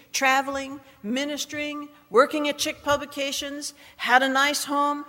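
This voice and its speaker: A woman preacher giving a dramatic personal testimony in a sermon, with emphatic, swinging delivery. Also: sits high. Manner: dramatic, emphatic storytelling with wide swings in loudness. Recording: long hall reverb.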